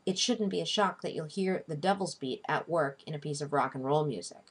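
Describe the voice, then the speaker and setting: A woman instructor giving a recorded online lecture, teaching in a clear, deliberate way and slowing down to stress syllables. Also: sits low. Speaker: literature instructor.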